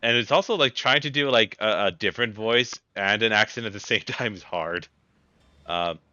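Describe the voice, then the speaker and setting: A man's voice: lowish voice, moderate pace, bright, forceful tone, no echo, dull audio. A man casually commenting on a game he is playing, chatty and self-deprecating. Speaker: let's-play host.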